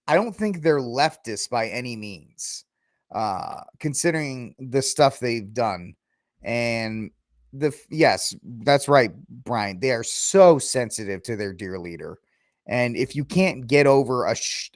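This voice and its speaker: A man hosts his own podcast and rants through a solo commentary, with sarcastic asides that mock the people he argues with. He speaks at a middle pitch for a man. His voice is recorded dry and close, with no room sound around it. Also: no echo. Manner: ranting, sarcastic, mocking asides. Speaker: podcast host.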